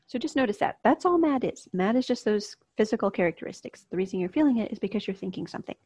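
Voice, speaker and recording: A woman's voice: medium pitch, lively intonation, fast, few pauses, a little mellow, breathy edge, no echo. A woman coach teaching an online course lesson in a casual, upbeat way, speaking straight to her viewers. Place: outdoors, near a street. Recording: dull, slightly lo-fi dry sound.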